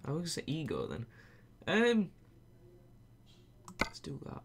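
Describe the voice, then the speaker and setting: A young British man chatting excitedly to himself while commenting on a truck-driving game. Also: a little high, a little slow, vocal fry. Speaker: gaming video host. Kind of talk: casual gameplay commentary. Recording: loud game rain and engine noise. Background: truck game sounds, rain, reversing beeps.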